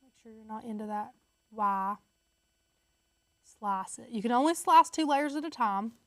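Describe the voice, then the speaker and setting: A woman's voice: on the high side, lively intonation, unhurried, a bit bright, no room sound. A woman hosting a casual step-by-step crafting tutorial, chatty and upbeat, talking straight to her viewers.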